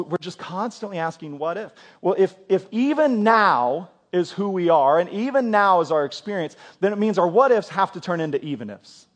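A middle-aged man preaching a sermon in a church, conversational, often repeating words and asking the congregation questions. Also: high voice. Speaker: pastor.

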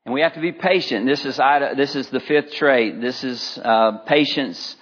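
A middle-aged man preaches to his congregation in a loose, chatty way, leaning on stories and filler words. His voice sits at an ordinary middle pitch. The recording is a little dull and muffled. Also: normal speed, fairly bright tone, breathy edge. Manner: conversational, anecdotal, with frequent fillers. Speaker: pastor. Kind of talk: sermon.

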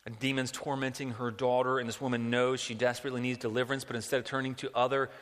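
Bright-voiced guy preaching, lots of questions and restarts, big echoey hall. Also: medium pitch, fast talker. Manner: animated, rhetorical questions, repeats words. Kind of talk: sermon. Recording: long hall reverb.

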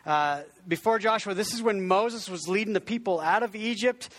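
A man's voice: sits high, normal speed, a bit bright. A man preaching a conversational sermon as pastor, often restarting his sentences and joking about himself. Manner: conversational, self-deprecating, frequent restarts; has the congregation repeat words.

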